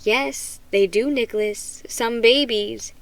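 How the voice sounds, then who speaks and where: A woman's voice: on the high side, takes it slowly. A woman voicing a firm, scolding mother in a storybook reading. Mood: stern, upset. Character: stern, weary mother of a young boy.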